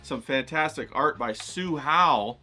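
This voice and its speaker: A man's voice: fairly high pitch, animated, measured pace, sharp tone, faint music behind. A man hosting his channel, chatting casually and energetically to viewers, rambling and firing off repeated questions to get them hyped. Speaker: host of an art challenge channel.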